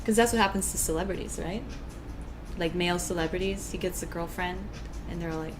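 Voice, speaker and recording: A woman's voice: fairly low pitch, a little fast, noisy background. A young woman co-hosting a casual livestream, chatting and reading viewer comments aloud. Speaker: livestream co-host.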